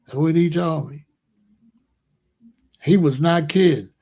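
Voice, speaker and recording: A man's voice: a little high, slow pace, vocal fry, dark tone. A man hosting his own channel, telling a personal story in a casual, rambling, emphatic way. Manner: rambling, emphatic, breaks into laughs. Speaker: channel host.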